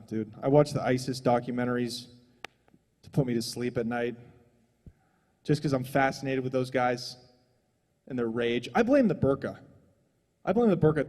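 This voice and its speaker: A man's voice: high-pitched, warm tone, long reverb tail. A young adult man doing a stand-up comedy set on a small stage, rambling and profane in a loose, conversational way.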